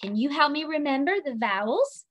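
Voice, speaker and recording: A woman's voice: high-pitched, expressive, normal speed. A woman teacher giving a children's phonics and handwriting lesson, patient and sing-song, drawing out each letter sound.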